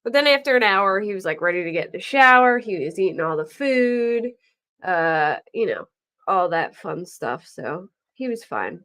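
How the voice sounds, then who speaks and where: A woman's voice: medium pitch, moderate pace, smooth. A middle-aged woman hosting a true crime talk show, chatting casually and acting out the people in her stories. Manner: animated storyteller, acts out quoted voices. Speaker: true crime podcast host. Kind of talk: casual chat.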